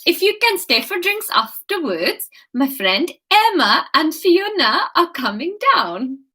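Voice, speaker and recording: A woman voicing a brisk, kind female kitchen boss with an attempted Swedish accent. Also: extremely high pitch, very animated, bright, forceful tone, pitched above the performer's own voice, exaggerated voice. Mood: friendly. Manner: nodding, sing-song put-on accent.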